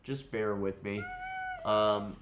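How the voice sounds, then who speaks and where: Stuffy-nosed man with a very deep voice. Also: slow, noisy background. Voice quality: nasal. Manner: rambling and candid, with many fillers and restarts. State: under the weather, stuffy-nosed. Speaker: channel host reviewing a film. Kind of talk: casual spoken review.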